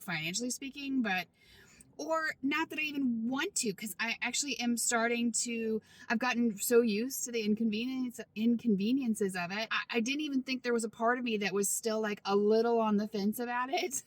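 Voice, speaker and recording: A chatty woman in her thirties vlogs from inside her van. She sits fairly high in pitch and talks openly, often loudly, laughing and going off on quick asides. The sound is dry and close, with little room around it. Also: no echo. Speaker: van life vlogger. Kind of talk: casual vlog talk.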